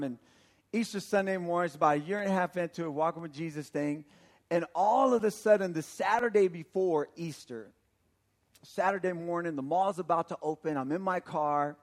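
A middle-aged man from Texas, a pastor preaching a sermon and telling a personal story in an animated way. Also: fairly high pitch, normal speed. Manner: animated storytelling, acts out quotes with laughter.

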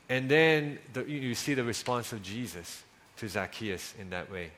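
A man preaching a sermon in a conversational way, often dropping soft on key lines. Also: mid-range voice, lively intonation, unhurried. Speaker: pastor.

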